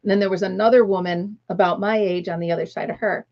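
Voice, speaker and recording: A woman's voice: medium pitch, fairly even intonation, fast talker, highs cut off. Chatty middle-aged woman hosting a stream. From United States. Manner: chatty, laughs often, greets viewers by name. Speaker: livestream host. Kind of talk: casual chat.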